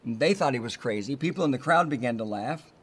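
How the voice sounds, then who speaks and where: A man preaching a sermon from the United States, earnest and measured, stressing key words and repeating phrases for emphasis. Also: medium pitch, lively intonation, slightly rough. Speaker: pastor.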